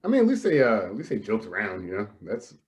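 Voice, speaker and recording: Low-voiced man rambling with laughs. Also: huge pitch swings, fast talker. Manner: laughs often, filler-heavy rambling. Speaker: podcast host. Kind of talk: casual comedic chat.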